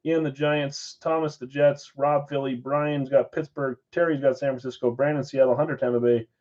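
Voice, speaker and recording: A man hosting a live-stream card break, briskly calling out names and assignments with chatty asides in between. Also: mid-range voice, fairly even intonation, darkish tone, dull audio. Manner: brisk name-and-team roll call with chatty asides. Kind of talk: casual live-stream roll call.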